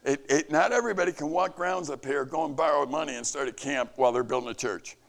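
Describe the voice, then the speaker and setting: Gravelly earnest man preaching. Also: fast. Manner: earnest, preaching, rises and falls in pitch. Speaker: camp leader. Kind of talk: devotional message to staff.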